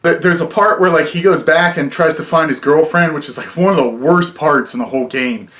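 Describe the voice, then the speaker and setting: A man's voice: a little high, fairly quick, a bit bright. Rambling young guy reviewing a movie. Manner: rambling, filler-heavy, swears a lot. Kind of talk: casual review vlog.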